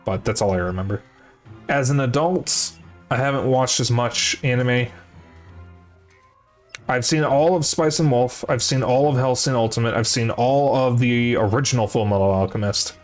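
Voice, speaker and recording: A man's voice: mid-range voice, normal speed. A young man streaming, chatting casually to his viewers, rambling and correcting himself as he goes, with the odd curse. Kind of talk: casual chat to a live chat. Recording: faint music behind voice.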